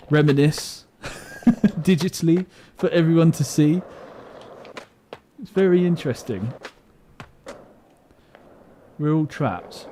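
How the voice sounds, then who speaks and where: This man's voice sits at a medium pitch and sounds mellow, with slight hiss or hum on the recording. While gaming on a live stream, he chats in a loose, rambling way and makes jokes at his own expense.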